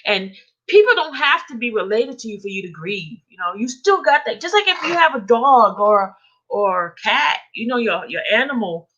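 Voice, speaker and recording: Tearful woman streamer, halting and repetitive, muffled low-fi sound. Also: big pitch swings, fairly bright tone. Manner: tearful, halting, repeats herself. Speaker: vlogger hosting a live stream. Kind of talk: emotional live-stream talk to viewers.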